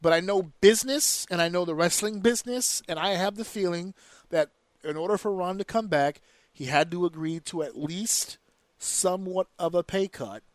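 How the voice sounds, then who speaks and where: A man's voice: sits high, normal speed, no echo. Profane, ranting male podcast host. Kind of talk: casual podcast chat.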